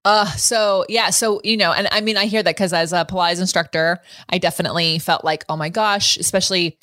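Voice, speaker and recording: A woman hosting a podcast, talking frankly and casually and laughing easily. Her voice sits a little low and sounds close and dry, with no room echo. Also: fairly even intonation, fairly quick, pushed and bright. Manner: chatty, laughs often, frank. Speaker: podcast host. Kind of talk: casual interview chat.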